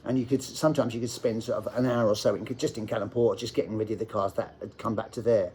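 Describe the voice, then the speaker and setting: A man's voice: on the low side, fairly even intonation, quick pace, darkish tone, a little hiss or hum. A middle-aged man, casually telling a personal anecdote, often laughing as he talks. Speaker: storyteller.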